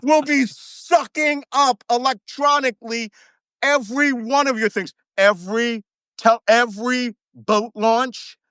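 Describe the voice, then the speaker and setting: A man's voice: extremely high pitch, fairly even intonation, unhurried, bright, forceful tone, smooth, no room sound. Brief: ex-navy man, guest commentator, emphatic and foul-mouthed, dry sound. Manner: profane, ranting, emphatic. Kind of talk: heated talk-show commentary.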